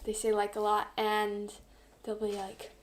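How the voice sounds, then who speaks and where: A woman's voice: mid-range voice, monotone, measured pace, slight background noise. A woman co-hosting a casual family live stream, playful, reading out viewer comments between chat. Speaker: co-host family member.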